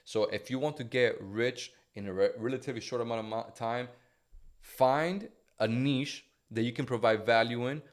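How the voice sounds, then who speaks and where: A man's voice: mid-range voice, steady tone, normal speed. A man giving casual motivational business advice to camera, loose and profane, with lots of fillers like "right?" and "you get me?". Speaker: online business coach.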